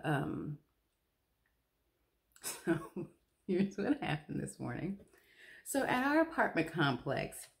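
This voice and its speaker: Low-voiced young woman vlogging, chatty and self-mocking, laughs a lot. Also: a little mellow. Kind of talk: casual chat to camera.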